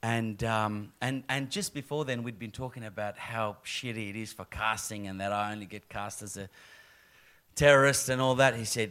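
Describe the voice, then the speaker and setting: A man's voice: mid-range voice, normal speed, clean tone. A middle-aged man, an actor chatting in an interview, telling stories and acting out quoted lines. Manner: animated storyteller, acts out quoted lines, laughs often. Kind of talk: casual interview chat.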